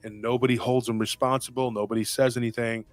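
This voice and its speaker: A man's voice: mid-range voice, little pitch movement, quick pace, no room sound, faint music behind. A man talking on a podcast panel in a rambling, emphatic way, with many restarts and asides. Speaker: podcast host. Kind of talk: casual panel talk.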